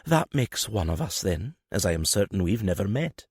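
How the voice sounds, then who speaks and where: A man voicing a sharp-tongued young noblewoman in an audiobook, with a prim, clipped manner. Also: fairly low pitch, sing-song, normal speed, husky, no echo, clean studio sound. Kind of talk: audiobook character voice.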